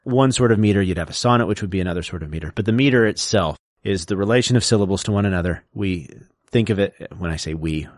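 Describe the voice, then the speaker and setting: A man's voice: sits low, fast talker, hardly any pauses, dry recording, clean studio sound. A man who teaches, explaining things step by step as a podcast co-host in casual chat.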